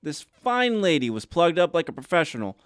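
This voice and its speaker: A man on a comedy podcast reads a listener's letter aloud in a smooth, clear voice with a lively pitch. His delivery is emphatic and mock-dramatic. He sits a bit back from the mic in a dry room. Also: brisk, dry recording. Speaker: podcast co-host reading listener mail. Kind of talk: reading a write-in aloud.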